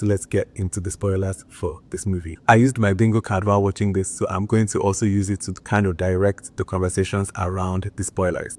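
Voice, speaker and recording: A man chatting enthusiastically in a casual movie review, filling his talk with "like". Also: low voice. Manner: chatty and enthusiastic, with frequent filler "like".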